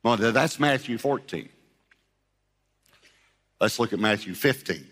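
A man's voice: fairly low pitch, lively intonation, measured pace, fairly bright tone, long reverb tail, a little hiss or hum. A man giving a sermon as a pastor, telling the story with humor and acting out the voices of its people.

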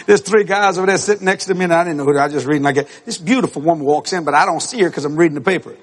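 A male preacher delivering an animated storytelling sermon to a congregation, acting out voices and breaking into shouts and laughter. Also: fairly high pitch, fast talker. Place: church service with congregation.

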